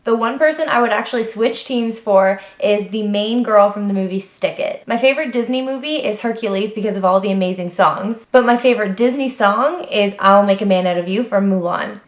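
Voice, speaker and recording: Speaking straight to her camera, a young female vlogger chattily runs through personal facts in a relaxed, unscripted way. Her middle-pitched voice jumps up when she gets emphatic, and she's animated, full of "like" and other fillers, with trailing asides.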